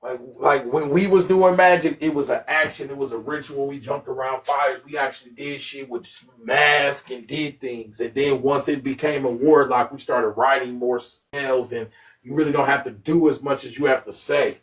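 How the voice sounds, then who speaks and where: A man hosting a casual livestream, talking in an animated, profane, joking way that often bursts into yelling. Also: medium pitch, moderate pace. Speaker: livestream host.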